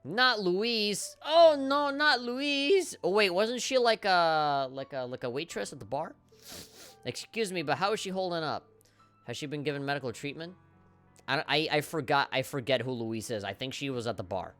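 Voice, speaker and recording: A man streaming a game live, reacting in an excitable, profane way and reading the on-screen dialogue aloud. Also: medium pitch, brisk, soft background music. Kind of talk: casual live gameplay commentary.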